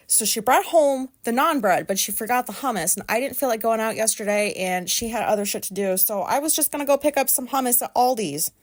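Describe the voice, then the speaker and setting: A woman venting in a casual, profane rant, agitated and exasperated, full of "like" fillers. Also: a little high. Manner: profane, exasperated ranting with frequent "like". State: agitated, pissed off. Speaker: vlogger.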